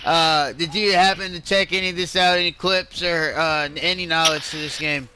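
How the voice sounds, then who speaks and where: A slightly high-pitched man hosts a casual sports podcast. He asks questions and passes topics to his co-hosts. Music plays clearly underneath his voice. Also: fairly even intonation, normal speed. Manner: prompting, agreeable. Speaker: podcast host.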